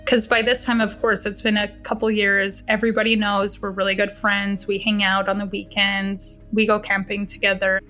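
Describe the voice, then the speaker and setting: A young woman telling a personal story in a relaxed, conversational way, slipping into the voices of the people she quotes. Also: medium pitch, normal speed, hardly any pauses, soft background music. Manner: conversational, acts out the dialogue in quotes. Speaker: guest storyteller. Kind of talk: first-person true story told to a podcast.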